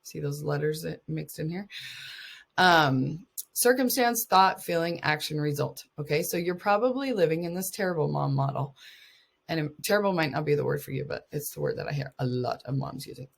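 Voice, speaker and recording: Husky low-voiced woman life coach. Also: moderate pace. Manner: earnest, encouraging, laughs often. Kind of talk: casual coaching talk to mothers.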